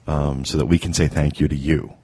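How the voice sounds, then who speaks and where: A man hosting a podcast, speaking in a halting way full of fillers and restarts. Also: very deep voice, flat delivery, a little mellow, slightly rough. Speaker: podcast host. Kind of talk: casual podcast talk.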